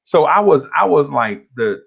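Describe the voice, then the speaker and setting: A man, co-hosting a podcast and telling an animated story in casual chat. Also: fairly high pitch, moderate pace, vocal fry, slightly rough, highs cut off. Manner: animated storyteller, acts out voices, laughs along. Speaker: podcast co-host.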